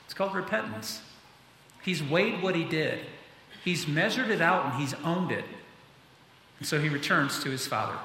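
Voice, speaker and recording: A man with a high-ish, bright, forceful voice preaches a sermon, earnest and building to emphatic peaks. His voice carries through a roomy church sanctuary with a long, echoing tail. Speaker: pastor. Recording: echoey hall.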